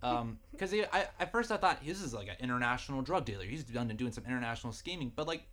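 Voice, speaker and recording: A man's voice: mid-range voice, expressive, fast talker, fairly bright tone. Guy rambling thru a tv recap, tons of likes and ums, super casual. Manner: rambling, lots of "like" and "um". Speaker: podcast co-host.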